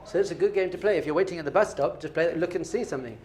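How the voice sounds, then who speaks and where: A middle-aged man, teaching a lively class as a rabbi and quizzing his students with playful questions. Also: fairly high pitch, rapid-fire. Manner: animated, playful, quizzing the audience.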